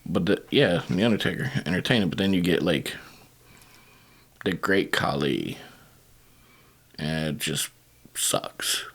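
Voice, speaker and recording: A man's voice: low-pitched, measured pace, long pauses, slightly rough. A man chatting casually on a comedy podcast, rambling and restarting his sentences as he talks. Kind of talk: casual chat.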